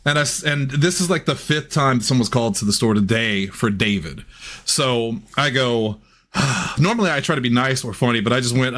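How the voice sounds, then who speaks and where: A man co-hosting a casual comedy film podcast, telling stories in an animated way and swearing freely. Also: medium pitch, unhurried. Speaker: podcast co-host.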